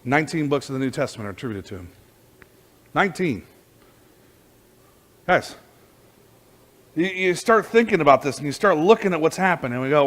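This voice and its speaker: A man preaching a sermon as pastor, telling a story with lively energy and many restarts and repeated words. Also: on the high side, normal speed, pauses often.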